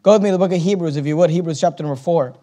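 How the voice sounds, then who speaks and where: A male pastor preaching a sermon. He reads old scripture aloud with weight, drags out key words, and rushes through his asides. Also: on the high side, dark tone. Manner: preaching, reading King James scripture aloud with emphasis.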